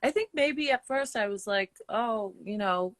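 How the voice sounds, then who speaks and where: A woman's voice: on the high side, lively intonation, a little slow, no echo. An older woman from the Boston area with a Boston accent, chatting casually with a friend and laughing often. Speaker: co-host. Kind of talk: casual chat.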